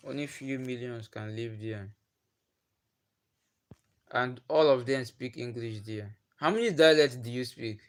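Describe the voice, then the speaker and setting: A man's voice: mid-range voice, a little slow, pauses often. A young man from Nigeria with a Nigerian accent, whose first language is Igbo, chatting casually with viewers on his livestream and repeating himself often. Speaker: livestream host.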